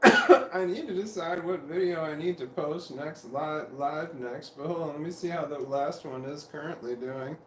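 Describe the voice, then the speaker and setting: A man's voice: a little high, normal speed, fairly bright tone. Coughing middle-aged man, meandering casual self-talk, roomy phone recording, faint room hum. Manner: meandering, self-correcting, chuckling to himself. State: coughing repeatedly. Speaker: vlogger livestreaming. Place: home room with a fan running.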